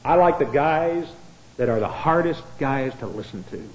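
A fairly high-voiced male pastor preaching in a roomy, echoing hall. He talks bluntly and wanders off into asides, restarting his sentences, then swings from quiet remarks to loud, emphatic lines. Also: lively intonation, normal speed, slight background noise. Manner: blunt, digressive, with frequent restarts and a dry chuckle. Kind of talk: sermon. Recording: echoey room.

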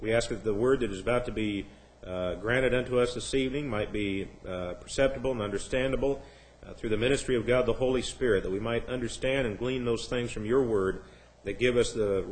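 A man teaching an evening Bible class, leading prayer in a formal, measured way. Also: fairly low pitch, rough recording. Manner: formal, measured, slips into mild joke voices.

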